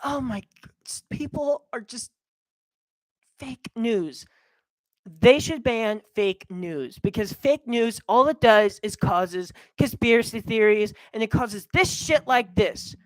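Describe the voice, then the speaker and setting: Brief: young adult woman vlogger, heated rant, lively swooping pitch, dry close sound. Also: takes it slowly, no room sound, low-quality recording. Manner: heated, animated ranting. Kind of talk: ranting monologue.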